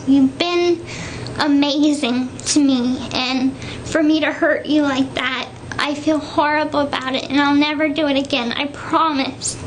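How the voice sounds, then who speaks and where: At home, a woman records a video message for her partner in a high, slow, gentle voice. She comes across as affectionate and slightly nervous. The low-quality recording carries faint background noise.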